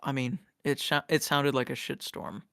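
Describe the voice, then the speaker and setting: A man co-hosting a casual film discussion podcast, giving relaxed, blunt commentary. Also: mid-range voice, moderate pace, gravelly, no room sound, clean studio sound. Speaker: podcast co-host.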